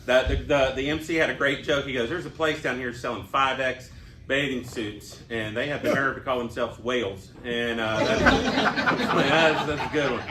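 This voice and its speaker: A man's voice: mid-range voice, fairly even intonation, normal speed. A man, a comedian contestant, telling rambling comic stories and laughing at his own jokes. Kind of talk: storytelling comedy banter. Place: comedy club stage, live audience. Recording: echoey live club with noise.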